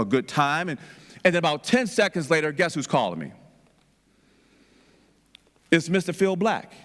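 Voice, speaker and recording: A man's voice: high voice, fairly bright tone. A man telling stories as a conference speaker, conversational and repetitive, in a conference hall. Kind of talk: storytelling keynote. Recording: long reverb of a conference hall.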